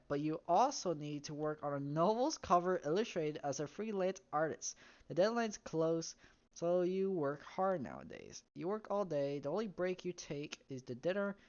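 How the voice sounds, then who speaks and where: A low-pitched woman reads a story game aloud, now and then stopping to add wry remarks. Her voice comes through a dull, muffled home mic. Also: darkish tone. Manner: reads text aloud, breaks off into wry comments and laughs. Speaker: game streamer.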